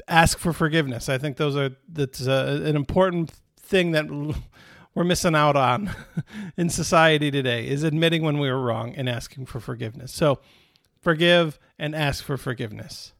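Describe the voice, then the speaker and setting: A man with a high voice gives a conversational sermon, repeating his main phrases to drive them home. He checks in with the listeners by asking "right?" and often restarts a sentence partway through. The sound is dry and close. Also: fairly bright tone, dry recording. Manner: repeats key phrases for emphasis; halting restarts mid-thought. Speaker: pastor.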